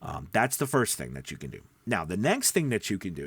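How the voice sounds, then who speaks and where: Male voice-over coach, low voice with wide swings in pitch, close-miked and dry. Casual teaching tone. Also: wildly swooping pitch, a little fast, creaky, slightly rough, no echo. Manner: demonstrates pitch, drops deep and quiet then rises. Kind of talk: casual video lesson. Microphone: close studio mic.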